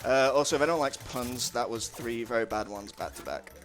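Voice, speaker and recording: A man's voice: mid-range voice, a little fast. A man commentating his own speedrun in a casual, jokey way, laughing often. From United Kingdom. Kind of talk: casual live commentary on a game run.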